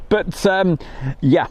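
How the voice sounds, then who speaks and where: A man's voice: high-pitched, darkish tone, breathy edge. A man from the West Midlands of England chatting on a live airshow stream, rambling with lots of fillers. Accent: West Midlands English. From Wolverhampton, England. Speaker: airshow livestream host. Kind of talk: casual live-stream chat. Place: outdoors at an airfield.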